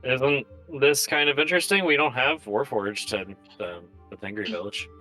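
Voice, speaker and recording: A man's voice: medium pitch, normal speed, bright, forceful tone, soft background music. A man playing in a casual tabletop game, laid-back and hesitant, with plenty of fillers. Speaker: player.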